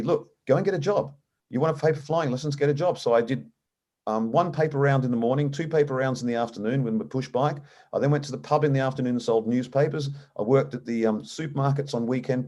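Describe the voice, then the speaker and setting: A middle-aged man, an airline captain, telling his story in an interview and acting out the voices of people he quotes. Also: medium pitch. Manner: animated storyteller, acts out quoted dialogue.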